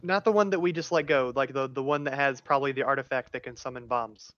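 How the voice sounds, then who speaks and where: A man's voice: mid-range voice, fast talker, a bit bright, no room sound. A man playing a tabletop game, chatty and laughing often as he plays. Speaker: player. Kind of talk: casual tabletop role-play. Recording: dull lo-fi sound.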